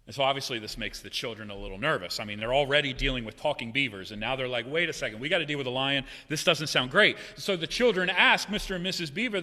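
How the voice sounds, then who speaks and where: A man preaching a sermon with a bright, forceful voice, his words trailing off into a long reverb in a big hall. He talks in a relaxed, joking way, then drops to hushed tones for weight. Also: mid-range voice, quick pace, few pauses. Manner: conversational, joking, dramatic swings from loud to hushed. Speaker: pastor.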